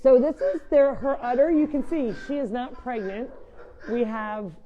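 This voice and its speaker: A woman hosts a live stream from a farm sanctuary, chatting casually as she coaxes animals and explains barn chores. Her voice sits high at a normal pace, with crowd noise in a muffled lo-fi recording that carries faint noise.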